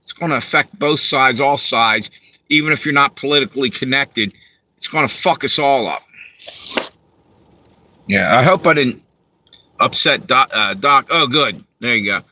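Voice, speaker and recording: A man's voice: medium pitch, normal speed, long pauses, bright, forceful tone, low-quality recording. A man hosting a livestream and ranting angrily and profanely to his viewers while reading the chat. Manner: profane, heated, talks to viewers.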